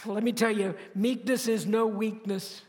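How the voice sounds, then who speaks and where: A man preaching a sermon as pastor, building to emphatic, louder phrases and then dropping soft and low to close each point. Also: steady tone, unhurried. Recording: long hall reverb.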